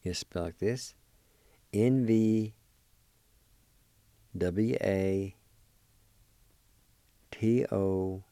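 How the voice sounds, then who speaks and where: A man teaching a language lesson, spelling and pronouncing words slowly, syllable by syllable. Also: low voice, warm tone, clear, resonant tone, no echo. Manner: slow, deliberate, syllable by syllable. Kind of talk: slow spelling and pronunciation lesson.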